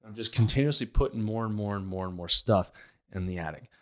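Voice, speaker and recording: A man's voice: lowish voice, brisk. A man from Pittsburgh hosting a health podcast, talking emphatically and firing off rhetorical questions. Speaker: podcast host, health practitioner. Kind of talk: casual health podcast monologue.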